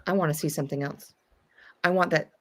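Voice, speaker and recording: A woman's voice: deep voice, steady tone, quick pace, a bit bright. A woman calling into a friend's livestream and teasing him in a bossy, playful way. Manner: teasing, bossy, talks over. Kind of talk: casual teasing chat.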